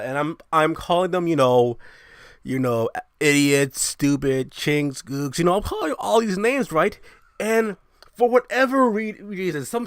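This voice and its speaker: A young man hosting his own show, ranting in a brash, profane, animated way. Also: fairly high pitch, no echo, studio quality. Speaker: show host. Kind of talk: casual ranting monologue.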